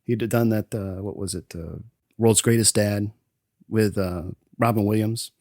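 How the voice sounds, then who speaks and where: A man's voice: on the low side, steady tone, darkish tone, no echo. Man, podcast host, casual movie recap, laughs a lot, mimics lines, dry close sound. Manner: laughs often, acts out film lines in quick voices.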